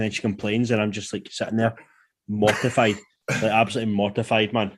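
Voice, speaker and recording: A man's voice: lowish voice, level tone, fast, breathy edge. A man, the show's producer, grumbling with swearing about being embarrassed. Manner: sweary, exasperated. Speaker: podcast producer. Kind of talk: casual chat.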